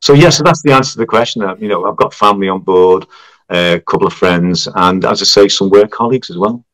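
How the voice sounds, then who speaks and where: A fairly low-voiced man tells a story in a relaxed chat. He gets animated and acts out each person's voice as he goes. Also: fast talker, no room sound, poor audio. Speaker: guest. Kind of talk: storytelling in casual conversation.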